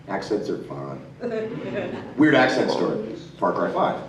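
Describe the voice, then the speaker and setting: A lively middle-aged man who tells stories on a convention panel, laughing often and bouncing into voices as he goes. His pitch swoops up and down. He is recorded from some distance in an echoey hall, with faint room noise behind him. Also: normal speed. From Australia. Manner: animated storyteller, laughs often, slips into voices. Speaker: voice actor panel guest. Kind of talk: convention panel talk, anecdotal. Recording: echoey hall, mic from far off.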